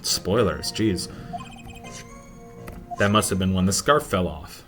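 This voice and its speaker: A man's voice: deep voice, expressive, slow pace, over music. A man doing casual, sarcastic let's-play commentary, mocking the game as he reads its lines aloud.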